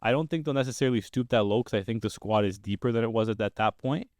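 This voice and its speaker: Young man, podcast host, casual sports chat, upbeat, smooth resonant voice, dry close mic. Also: mid-range voice, fast, darkish tone, no room sound. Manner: upbeat, steers the talk with questions.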